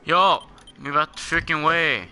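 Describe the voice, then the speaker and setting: A man playing a video game with friends, exasperated and shouting over and over as he tries to get past someone. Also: on the high side, measured pace. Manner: exasperated, shouting, repeating himself. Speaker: gamer recording his play. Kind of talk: casual gameplay chat.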